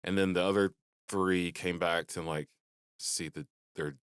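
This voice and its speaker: Deep-voiced rambling male podcast co-host. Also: fairly even intonation, unhurried, clear, resonant tone, no room sound, clean studio sound. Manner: rambling, restarts often, swears casually. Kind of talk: casual chat.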